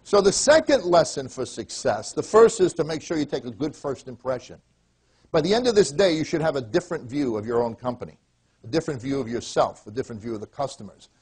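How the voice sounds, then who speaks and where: A man's voice: mid-range voice, fast talker, slightly rough. A man from New York giving a comic motivational keynote, joking and speaking straight to the audience. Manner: joking, animated, addresses the crowd directly.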